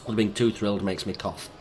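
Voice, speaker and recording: A young man, croaky and under the weather, chatting in a rambling, easygoing way while playing a game. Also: fairly low pitch, very noisy. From England. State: croaky, sick voice. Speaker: gaming YouTuber. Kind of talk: rambling let's-play commentary.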